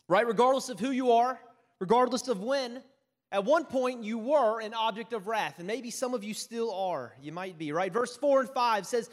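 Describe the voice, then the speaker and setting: A man's voice: very high voice, moderate pace, big-room sound. A man preaching a sermon, mixing self-mocking stories with Bible reading and often asking "right?". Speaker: pastor.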